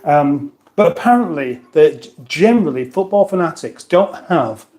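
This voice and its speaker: A man's voice: on the high side, lively intonation, normal speed, darkish tone. A British man hosting a casual livestream, chatting in a rambling way and reading out viewer comments. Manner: rambling, chatty, with many restarts and asides. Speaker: livestream host.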